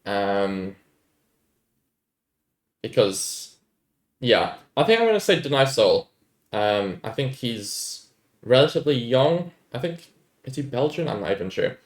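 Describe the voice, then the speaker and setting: A man's voice: medium pitch, very animated, unhurried, pauses often. Laid-back young guy, echoey room. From Ireland. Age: young adult. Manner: rambling, laid-back, easily amused. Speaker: YouTuber answering viewer questions. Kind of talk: casual Q&A chat.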